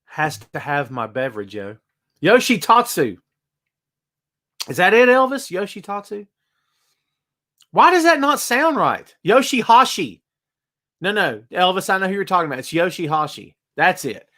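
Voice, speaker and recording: A bright, forceful voice on the high side belongs to this man hosting a laid-back wrestling podcast streamed live from home. A bass amp is in the room, and he chats away while greeting viewers by name.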